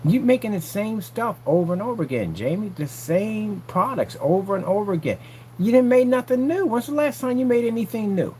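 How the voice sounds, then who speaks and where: This time the paint-selling vlogger sounds high, animated and a little fast, with a warm tone and a slight hiss or hum in the audio. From the work site he goads his rival, bragging and repeating himself.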